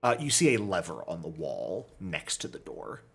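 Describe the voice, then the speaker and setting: A man running a tabletop game as game master, narrating in a relaxed, descriptive way. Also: sits low, moderate pace, vocal fry, husky, soft background music.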